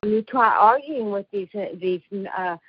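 A woman calling in to a talk radio show, speaking in an emotional, urgent, halting way. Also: medium pitch, background noise. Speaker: caller. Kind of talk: phone-in call to talk radio. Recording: dull dry lo-fi phone-in sound.

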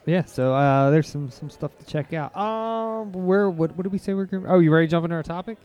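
A man's voice: fairly high pitch, fairly quick, darkish tone, highs cut off. A man co-hosting a podcast in loose, rambling casual chat. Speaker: podcast co-host.

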